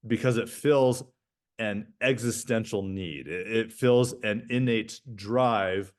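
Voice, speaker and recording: A man's voice: fairly low pitch, takes it slowly. A man co-hosting a podcast, chatting casually and animatedly, restarting sentences and tagging them with "right?". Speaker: podcast co-host.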